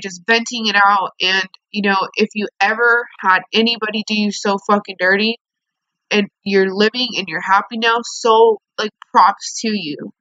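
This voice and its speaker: A woman's voice: medium pitch, sharp tone, no echo, muffled recording. A young woman venting angrily in a storytime vlog, swearing a lot as she talks to the camera. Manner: angry venting, heavy swearing. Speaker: vlogger.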